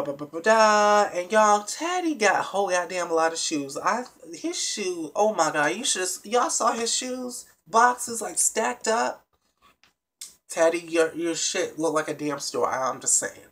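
A vlogger recapping a reality TV episode in a casual, animated and blunt way, with plenty of swearing, talking straight to the viewers. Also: medium pitch. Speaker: TV show reviewer.

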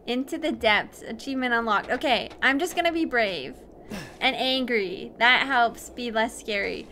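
A woman's voice: a little high, expressive, measured pace, sharp tone, a little hiss or hum. A young woman streaming a horror game, reacting expressively with swearing and laughter. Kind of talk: gaming commentary.

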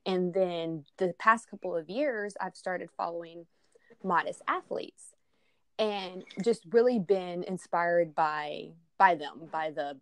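A married adult woman from Texas, with a Southern Texas accent, talks slowly in a lowish voice as a guest on a podcast. The recording has no room sound, and her casual interview chat is full of ums and restarts.

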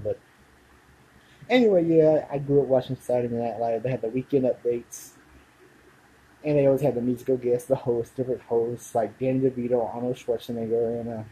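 A man's voice: mid-range voice, mellow, slightly rough, poor audio. A man in his thirties talking casually to camera, rambling and forgetful, often trailing off and starting over. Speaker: video blogger.

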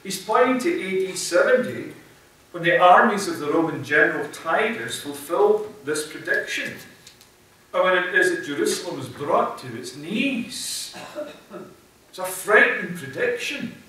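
A man's voice: high-pitched, animated, moderate pace, pushed and bright. A man preaching a sermon as pastor, earnest and building to emphatic declarations. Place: church sanctuary. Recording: echoey church hall, mic at a distance.

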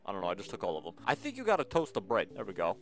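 A man's voice: fairly low pitch, wildly swooping pitch, racing. A man hosting a gaming channel, giving casual gameplay commentary and playfully bantering with the game's customers.

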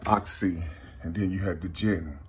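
A man, rambling through a spiritual numerology monologue, counting numbers half-aloud and repeating "you see". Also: steady tone. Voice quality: very husky, slow, low-key. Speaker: self-taught numerology teacher.

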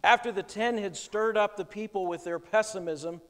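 In a church sanctuary, a male pastor's high, slightly bright voice moves at normal speed through a sermon. He explains scripture with emphatic, plain conviction, under a long church reverb.

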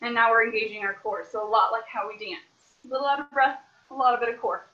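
A woman's voice: fairly high pitch, fairly even intonation, fast talker, sharp tone. Upbeat woman counting out a dance class. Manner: counts out beats, upbeat coaching. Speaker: dance teacher. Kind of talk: online dance class instruction. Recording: echoey room, dull lo-fi sound.

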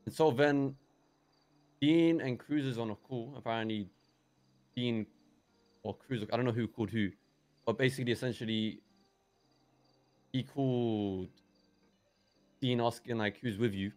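A man's voice: medium pitch, a little slow, pauses often, darkish tone, faint music behind. Rambling young man. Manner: rambling, hesitant, many restarts and fillers. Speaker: roleplayer in character. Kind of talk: in-character roleplay recounting events.

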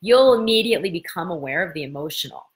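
A middle-aged woman hosting a casual live-stream talk, telling stories with lively gestures of voice and bursts of laughter. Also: fairly low pitch, fast. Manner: animated storytelling, breaks into laughter. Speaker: host.

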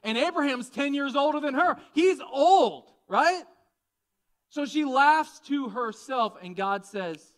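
A man preaching a conversational, animated sermon, often asking the congregation questions. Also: very high voice, slow pace. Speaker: pastor.

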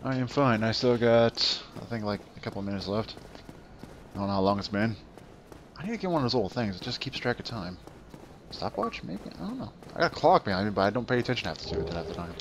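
A man's voice: lowish voice, sing-song, quick pace, slight background noise. A man commenting on his own gameplay, rambling between asides and trash-talking the enemies he fights. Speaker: let's play gamer. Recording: game music underneath. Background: game music.

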